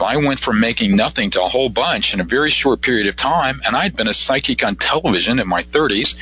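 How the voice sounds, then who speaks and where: A man's voice: medium pitch, sharp tone, breathy edge, rough recording. A man in his fifties, a guest psychic, telling rambling anecdotes in a casual radio interview and acting out quotes as he goes. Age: 50s.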